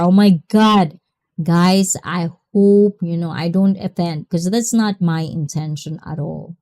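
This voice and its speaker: A woman with a mid-range, dark-toned voice hosts a livestream, reading comments and chatting casually. She greets viewers by name and gushes with effusive exclamations.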